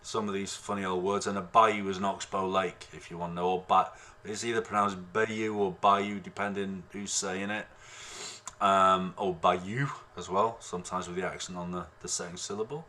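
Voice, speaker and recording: A man teaching harmonica in an online lesson, explaining in a relaxed, rambling way with many fillers, speaking into a computer microphone. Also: low voice, brisk. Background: harmonica playing.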